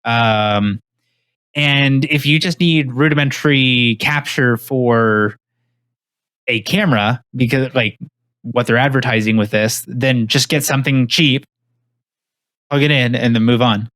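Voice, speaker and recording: A man hosting a casual tech podcast, talking in quick runs with restarts and fillers. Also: mid-range voice, a bit bright, dry recording. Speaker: podcast host.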